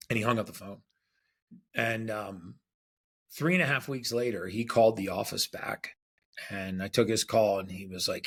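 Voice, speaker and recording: A man tells a story as a podcast guest in a relaxed, casual way. He acts out the quoted lines with animation. His voice is husky and sits a little low. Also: moderate pace.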